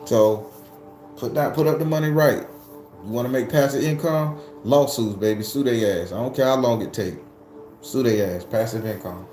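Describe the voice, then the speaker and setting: A man talks casually to his viewers, loose and animated, swearing freely and laughing. His voice sits at a middling pitch but leaps up high when he gets heated. The room is echoey, with faint music underneath. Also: moderate pace. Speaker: tarot reader and channel host.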